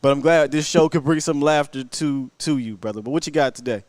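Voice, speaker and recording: A man's voice: medium pitch, fairly quick, a little mellow, no room sound. A man hosting a live call-in sports talk show, talking energetically in casual slang with stammering restarts. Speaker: host.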